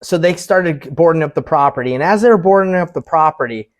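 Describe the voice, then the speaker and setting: A man's voice: fairly high pitch, brisk. A man who invests in real estate, casually telling a story to camera and acting out the people in it.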